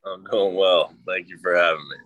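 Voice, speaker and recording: A man from Georgia with a Southern accent, answering interview questions in a relaxed, laid-back way with hesitant fillers. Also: sits low, normal speed, muffled recording. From Georgia, USA. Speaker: guest baseball player.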